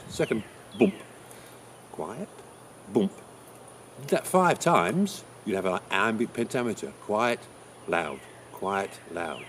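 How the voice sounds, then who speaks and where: A man playing Shakespeare, chatty and lively. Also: on the low side, a little hiss or hum. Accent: English. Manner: chatty, explains things with homely examples. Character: William Shakespeare, chatty old male playwright. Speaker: writing teacher. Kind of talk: in-character writing lesson.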